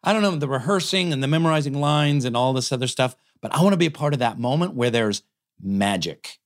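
A man co-hosting a podcast who is an actor himself, telling an anecdote with animated, self-amused energy. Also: mid-range voice, fast talker. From United States. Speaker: co-host, actor. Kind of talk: casual podcast chat, storytelling.

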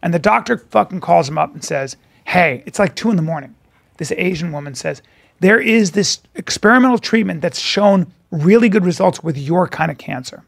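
Gravelly high-voiced man telling stories. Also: animated, moderate pace, no echo, studio quality. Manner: profane storyteller, acts out quoted voices. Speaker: podcast co-host. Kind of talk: casual chat.

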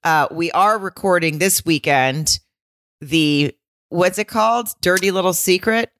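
A woman's voice: lowish voice, unhurried, fairly bright tone, no room sound. A woman co-hosting a podcast in casual, chatty talk, joking and swearing now and then. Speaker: podcast co-host. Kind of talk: casual chat.

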